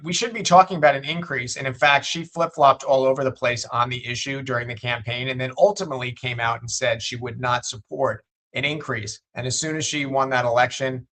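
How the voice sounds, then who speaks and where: A male politician answering questions in a measured, deliberate way. He often repeats a word as he builds his point. His voice sits at an ordinary male pitch. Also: steady tone, sharp tone. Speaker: state legislator, guest. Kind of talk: political interview talk.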